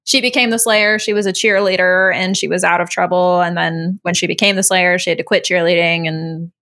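Bright-voiced chatty woman co-host. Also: lowish voice, fairly even intonation, fairly quick. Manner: chatty, laughs often, acts out quotes. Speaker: podcast co-host. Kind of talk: casual chat recapping an episode.

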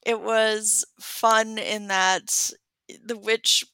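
A woman's voice: medium pitch, flat delivery, very slow, sharp tone, clean tone, dry recording. A woman co-hosting a podcast and chatting casually about a film, rambling with many hesitations and giggles. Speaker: podcast co-host. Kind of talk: casual movie-review chat.

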